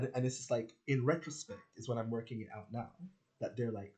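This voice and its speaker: A man's voice: medium pitch, a little fast, darkish tone. A man talking in a casual, rambling monologue, swearing freely and acting out quoted conversations. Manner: rambling and profane, with frequent fillers and voiced quotes. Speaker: spiritual vlogger.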